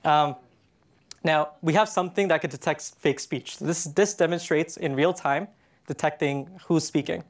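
A Canadian man speaks on a conference stage in a fairly high voice. His talk is casual and conversational, full of "um"s and restarts. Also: moderate pace. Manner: casual, chatty, with frequent fillers and restarts. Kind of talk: conference presentation.

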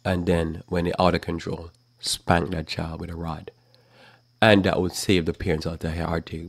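A man preaches Bible commentary in a forceful, scolding way, now and then mocking the people he argues against. His voice sits low with a gravelly edge, and the recording is dry and close. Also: steady tone, normal speed, no room sound. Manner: casual speech with repeated restarts. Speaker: preacher hosting a live talk program.

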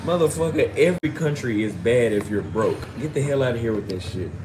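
A man's voice: medium pitch, expressive, fairly quick, over music. A drunk man in a casual live-stream rant, profane and ranting, out on a city street at night. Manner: profane, ranting, slurring from drink.

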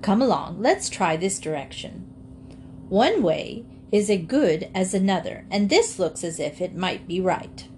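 A woman's voice: mid-range voice, unhurried, a little hiss or hum. A woman voicing a sturdy, sensible female cow who leads the farm animals in a storybook reading. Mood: calm. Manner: firm, practical, calm.

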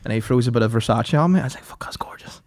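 A man's voice: medium pitch, very fast, darkish tone. Laughing man, crude yarns. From Northern Ireland. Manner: laughs often, crude storytelling. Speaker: podcast guest. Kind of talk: casual chat.

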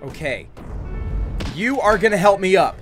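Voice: mid-range voice, expressive, a little slow. Gaming channel host, mid voice, dry sarcastic jokes, music going under it. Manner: dry, sarcastic, crude joking. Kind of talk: let's-play gaming commentary.

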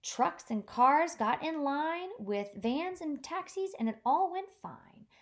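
A woman childcare teacher reading a picture book aloud to young children in an animated, sing-song way. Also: high-pitched, takes it slowly.

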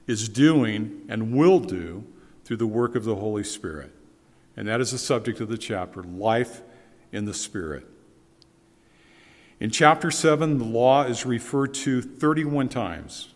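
A man preaching a sermon as pastor, earnest and emphatic, repeating his key phrases for weight. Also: on the low side. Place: church sanctuary. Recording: long church reverb.

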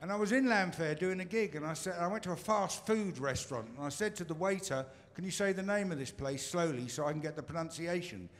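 British comedian doing dry crowd work. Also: male voice, on the high side, fast, few pauses, a little hiss or hum. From Britain. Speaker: stand-up comedian. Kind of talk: stand-up routine. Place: comedy stage.

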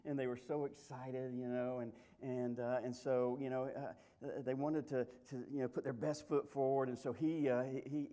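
A male preacher delivers his sermon as a folksy, joking story. He restarts his sentences often and keeps it conversational. His voice sits at a mid pitch for a man. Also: little pitch movement, moderate pace, few pauses, mellow. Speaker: pastor.

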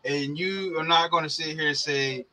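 A man's voice: on the high side, normal speed, bright, forceful tone, poor audio. A young man co-hosting a casual sports podcast, heated and profane, ranting and laughing as he talks. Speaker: podcast co-host.

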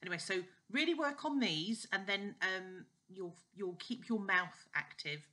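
A woman leading voice exercises at home, chatty and demonstrating tongue twisters slowly with leaps up in pitch. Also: pushed and bright. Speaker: voice exercise coach. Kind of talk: casual home video lesson.

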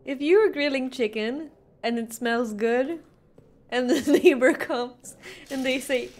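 A woman's voice: high voice, slow pace, long pauses, noisy background. A young woman streaming a game, chatting casually with her viewers, asking them questions and laughing often. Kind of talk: casual live-stream chat while playing.

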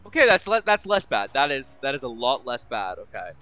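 A young male streamer keeps up a running, profanity-heavy commentary as he plays. His outbursts come in loud, exasperated shouts. His voice is bright and smooth and swings widely in pitch, with faint game music underneath. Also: big pitch swings, fairly quick. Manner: swears constantly, bursts into exasperated shouting. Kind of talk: live gaming commentary.

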